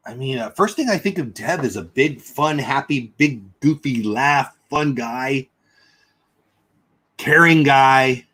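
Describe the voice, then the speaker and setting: A man with a slightly husky, breathy voice chats loosely on his livestream, thinking out loud as he answers viewers. His pitch swings widely and freely as he goes. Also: lively intonation, slow pace. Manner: chatty, rambling, thinks out loud. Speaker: livestream host. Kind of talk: casual livestream chat reading comments.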